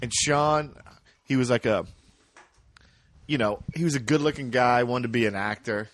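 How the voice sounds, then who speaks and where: A man who is a guest on a podcast, telling a quick anecdote in casual chat. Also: medium pitch, a bit bright, no room sound.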